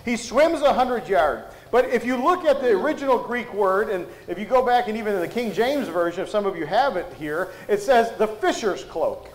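A man's voice: sits high, expressive, normal speed, hardly any pauses, roomy sound, poor audio. A man preaching a sermon at a church service, folksy and conversational, full of rhetorical questions.

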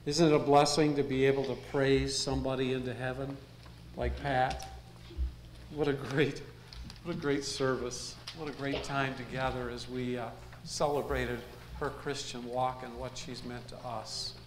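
A man's voice: mid-range voice, level tone, normal speed. A male preacher gives a sermon to his congregation in a folksy, easygoing way. He drops jokes between his points. His voice rings with a roomy church echo over a faint background hum. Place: church sanctuary. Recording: echoey room, faint ambience.

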